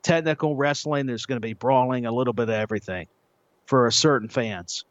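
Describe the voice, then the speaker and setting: A man's voice: medium pitch, a little fast, no room sound. A man co-hosting a wrestling podcast in casual chat, often restarting and repeating his words. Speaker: podcast co-host. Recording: dull lo-fi audio.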